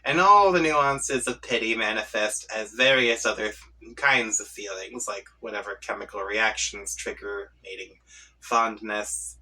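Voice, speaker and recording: A man's voice: on the low side, a little slow, bright, forceful tone, distant mic, pitched below the performer's own voice, exaggerated voice, low-quality recording. A man reading a comic aloud, voicing an irritable young male troll leader who rants in prickly bursts. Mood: ranting. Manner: prickly, ranting.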